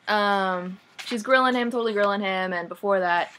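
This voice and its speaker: A young woman recapping a book in a casual vlog, sarcastic and animated, saying "like" a lot. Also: medium pitch, normal speed, slight background noise. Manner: sarcastic, says "like" often, animated. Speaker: vlogger.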